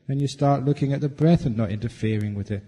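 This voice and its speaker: A man, a Buddhist monk, answering meditation questions at a retreat in a playful, humorous, relaxed way. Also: medium pitch, fast talker. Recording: long hall reverb.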